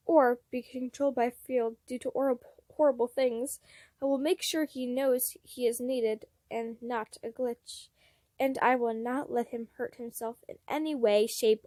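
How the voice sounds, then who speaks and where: A woman's voice: a little high, mellow, dry recording, clean studio sound, close to an everyday voice. A woman voicing a dramatic, doting young prince with a theatrical, affectionate manner.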